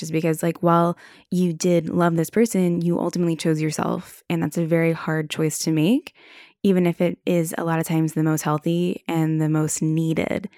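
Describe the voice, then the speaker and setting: Frank woman with a gravelly low voice. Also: warm tone, no room sound, clean studio sound. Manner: frank, swears freely, many "like" fillers. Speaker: podcast host. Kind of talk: candid casual monologue.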